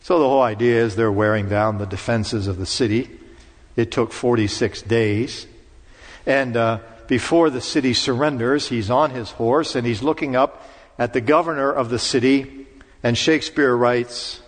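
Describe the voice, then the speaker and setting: A man's voice: medium pitch, moderate pace. A man preaching a sermon in a church, with dramatic recitation that rises to commanding peaks. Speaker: pastor. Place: church sanctuary. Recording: long reverb of a church hall.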